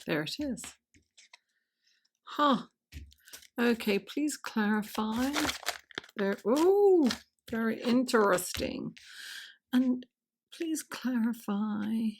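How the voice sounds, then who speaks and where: A woman reads tarot cards for a weekly horoscope in an unhurried, chatty way. She takes her time over each phrase and drops to a soft murmur when she calls on the cards. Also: fairly high pitch, animated, a little hiss or hum. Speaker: tarot reader.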